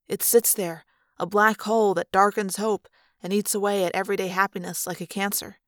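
Gravelly woman reading an audiobook. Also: mid-range voice, fairly bright tone, no echo, studio quality. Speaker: reader. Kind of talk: first-person audiobook narration.

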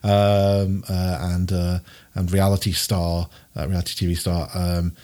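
A man narrating as game master, halting with many fillers. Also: low voice, monotone, darkish tone. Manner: halting, many ums and uhs, giggly.

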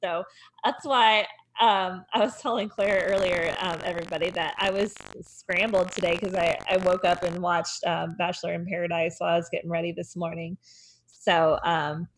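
A woman's voice: fairly low pitch, steady tone, normal speed, a little hiss or hum, rough recording. A young woman co-hosting a podcast in casual chat, bubbly and full of "like" fillers. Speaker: podcast co-host.

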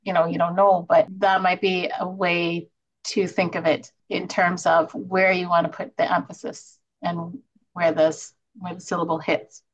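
A woman's voice: on the low side, level tone, measured pace, dull audio, noisy background. A woman in a group discussion explaining her point with examples, using frequent hedging fillers. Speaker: participant.

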